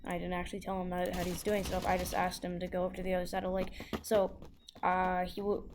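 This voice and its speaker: A woman's voice: lowish voice, completely flat delivery, quick pace, background noise. A woman telling a story in a loose, casual way, full of "like" and restarts.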